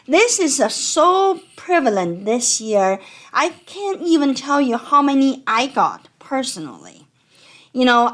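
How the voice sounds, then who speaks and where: High-voiced accountant woman explaining scams. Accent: non-native. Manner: conversational, animated, explanatory. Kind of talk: educational talk.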